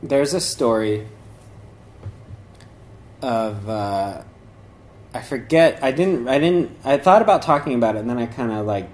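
A man's voice: fairly low pitch, a little mellow. A man giving an informal talk on meditation and yoga traditions, rambling conversationally with many fillers and restarts. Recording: echoey room.

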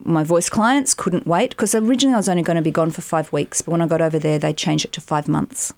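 A middle-aged woman, an actress and voiceover artist, telling animated stories in a casual interview, with rambling asides. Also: low-pitched, fast talker, dry recording. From Australia. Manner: animated, chatty, rambling anecdotes with many asides.

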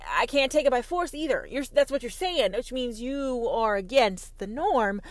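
A woman's voice: on the high side, animated, normal speed, dry recording. Heated, profane Southern woman ranting. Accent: Southern American. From Southern United States. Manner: profane, heated and sarcastic, mocking imagined opponents. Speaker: podcast host. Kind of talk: impassioned monologue.

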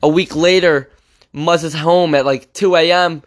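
Sweary teenage guy, fairly high voice. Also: fairly even intonation. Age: teens. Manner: loose, sweary and joking, quick storytelling. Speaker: podcast co-host. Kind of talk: casual chat.

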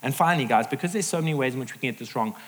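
A middle-aged man preaching a sermon to a live audience, lively and acting out the voices he quotes. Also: mid-range voice, very fast. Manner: animated, acts out quoted voices. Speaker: pastor. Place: large hall with audience. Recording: reverberant hall.

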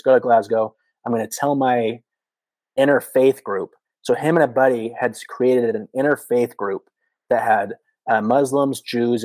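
A man in his thirties tells a story on a podcast, jumping up high in pitch whenever he acts out a scream or a quote. His voice sits mid-range and the sound is dry and close. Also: dry recording, rough recording. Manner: animated storyteller, many "like" fillers, acts out quotes. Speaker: podcast guest, former missionary. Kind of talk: casual storytelling.

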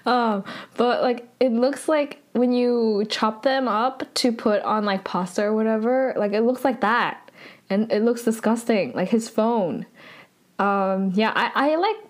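A woman's voice: a little high, unhurried. A woman hosting a podcast, recapping an episode in a casual chat full of "like" fillers. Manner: chatty, lots of "like" fillers. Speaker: podcast host.

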